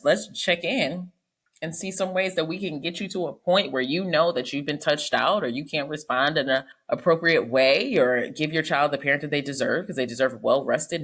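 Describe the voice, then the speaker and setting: A woman psychologist giving casual advice, talking fast and telling stories with animation. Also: deep voice, a bit bright.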